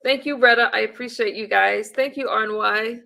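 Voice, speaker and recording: Bright, gravelly-voiced woman livestreaming. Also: on the high side, steady tone. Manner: chatty, greets viewers by name mid-sentence; halting, trails off and restarts when emotional. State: emotional. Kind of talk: casual live-stream check-in.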